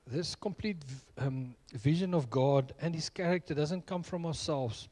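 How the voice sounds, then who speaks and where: A man's voice: fairly high pitch, unhurried, warm tone. A middle-aged man preaching a sermon, telling personal stories in an earnest way. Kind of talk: sermon with storytelling.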